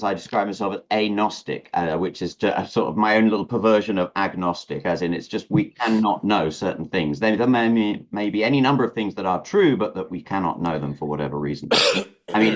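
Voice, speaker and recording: A man interviewing a guest, talking in a halting way, searching for words and restarting his sentences. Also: on the low side. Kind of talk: hesitant conversational interview. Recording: dull lo-fi audio.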